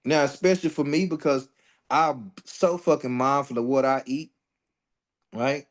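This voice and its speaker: A man's voice: mid-range voice, measured pace. A man teaching an astrology workshop in a loose, profane, joking way. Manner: loose and profane, jokes and laughs between readings. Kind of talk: casual astrology workshop talk.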